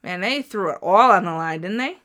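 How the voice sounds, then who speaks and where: A woman's voice: mid-range voice, a little fast. A woman, commenting on a wrestling match for her viewers, chatty and prone to gasps and outbursts. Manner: excitable, gasps and cries out at the action; chatty, talks straight to viewers. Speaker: wrestling watch-along streamer. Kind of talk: casual live reaction commentary.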